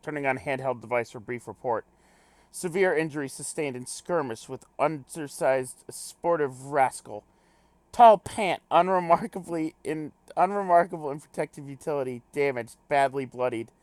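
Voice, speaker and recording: Man reading a stuffy, clipped log-keeping explorer, mid pitch, dry sound. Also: moderate pace, no echo, close to an everyday voice. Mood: stiff. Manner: clipped telegraphic log-speak, pompous wording. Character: terse, formal male adventurer logging reports.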